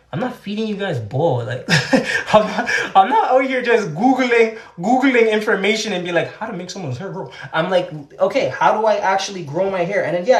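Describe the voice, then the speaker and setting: A young Canadian man with a Canadian accent, chatting casually during a hair tutorial livestream. He is laid-back and slangy and repeats his words. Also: a little high. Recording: echoey room.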